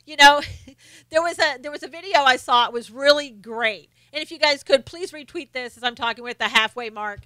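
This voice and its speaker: Chatty woman on a live stream, high bright voice, laughs a lot, reads out comments. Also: a little fast, no room sound. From Southern United States. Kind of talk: casual live-stream chat reading viewer comments.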